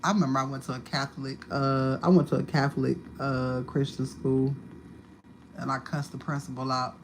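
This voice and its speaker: A woman's voice: a bass voice, moderate pace. Woman, livestream host, profane storytelling, faint background hiss. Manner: profane, animated storytelling with sudden loud outbursts. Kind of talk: casual livestream monologue.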